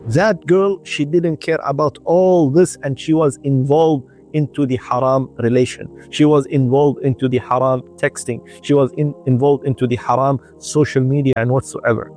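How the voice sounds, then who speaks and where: Male preacher for a radio reminder; earnest storytelling in slow, broken-up phrases over faint background music. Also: mid-range voice, steady tone, dark tone. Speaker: religious speaker.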